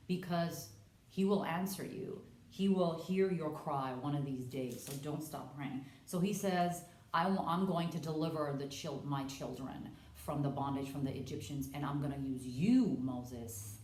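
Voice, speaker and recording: Woman Bible teacher, lowish voice, earnest and conversational, echoey room. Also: unhurried. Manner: earnest, conversational, stumbles and restarts, acts out dialogue. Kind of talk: casual Bible study talk.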